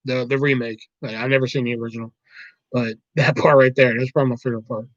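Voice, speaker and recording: A man's voice: medium pitch, steady tone, fast talker, no echo, dull audio. A man hosting a casual livestream, rambling and swearing freely while reacting to chat. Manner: rambling, profane, laughs often. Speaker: livestream host.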